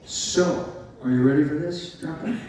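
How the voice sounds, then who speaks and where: A man's voice: fairly high pitch, normal speed, recorded from a distance. An American man in his sixties, a guest at a convention panel, telling rambling, joking stories with lots of fillers. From United States. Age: 60s. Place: large convention hall. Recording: echoey hall, heard from afar, faint noise.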